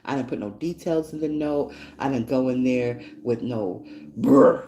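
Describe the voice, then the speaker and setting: A woman hosting a podcast, telling stories in a blunt, profane, animated casual monologue. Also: very deep voice, measured pace, slight background noise. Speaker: podcast host. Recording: echoey room.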